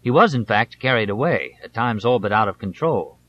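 A man narrating an audiobook in a measured, steady reading style, in a slightly dull audiobook recording. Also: lowish voice. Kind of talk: scripted narration.

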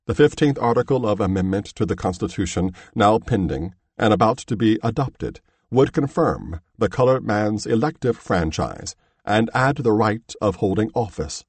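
A man narrating a history audiobook in a measured, steady reading voice. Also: fairly low pitch, slightly rough, no echo.

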